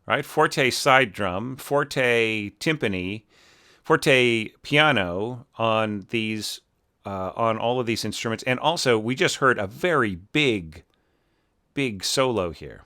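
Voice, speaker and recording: A man's voice: on the low side, sharp tone. Chatty man singing musical phrases. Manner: chatty, filler-heavy, sings phrases with nonsense syllables. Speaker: orchestration teacher giving feedback. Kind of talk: casual spoken critique of a score.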